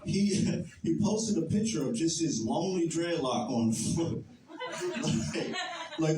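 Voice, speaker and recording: A man's voice: a little high, big pitch swings, takes it slowly, a crowd in the background. A man from Virginia doing a casual, profane stand-up set and chuckling at his own jokes. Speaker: stand-up comedian. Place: comedy club stage. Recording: echoey club, distant mic, audience noise.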